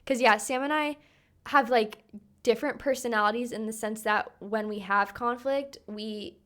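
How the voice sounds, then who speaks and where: A woman's voice: a little high, moderate pace, fairly bright tone. A young woman co-hosting a podcast, chatting casually with many fillers. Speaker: podcast co-host. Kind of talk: casual chat.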